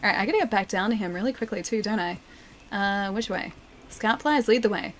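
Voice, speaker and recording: A woman streaming a video game, chatting casually and thanking viewers, her voice hoarse as it recovers. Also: mid-range voice, a little fast, slight background noise. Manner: chatty, thanks viewers, reacts excitedly to the fight. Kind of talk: casual live-stream chat while playing.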